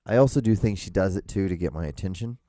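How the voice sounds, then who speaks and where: A man's voice: low-pitched, fast, dark tone, no room sound, clean studio sound. A man hosting a casual solo podcast from a small room at home, rambling with restarts and the odd swear word. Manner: rambling, self-interrupting, with frequent restarts and swearing. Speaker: podcast host. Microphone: podcast microphone.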